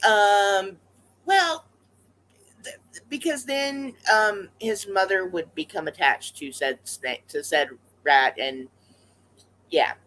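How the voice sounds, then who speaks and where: A vlogger who keeps pet rats tells a story casually to the camera in a medium-pitched, pushed, bright voice, speaking slowly with long pauses. Chatty and rambling, she uses plenty of fillers and keeps restarting. The recording is low quality.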